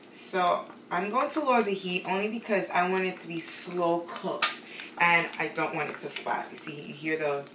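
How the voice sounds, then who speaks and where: Young woman, home cook, rambling chatty delivery, lowish voice, echoey kitchen, off-mic, pans clattering behind. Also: far from the mic, noisy background. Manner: chatty and rambling, with many fillers. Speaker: home cooking vlogger. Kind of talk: casual cooking tutorial. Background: pans, dishes and frying sounds.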